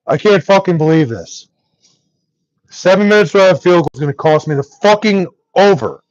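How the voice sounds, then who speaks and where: A man's voice: high voice, animated, moderate pace, no echo, muffled recording. A young man angrily ranting on a live stream, swearing nonstop and exasperated. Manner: angry, profane ranting.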